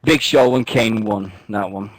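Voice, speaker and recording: A man's voice: fairly low pitch, a little slow, dry recording, poor audio. A man co-hosting a wrestling radio show, bantering casually, joking and swearing as he rambles through stories.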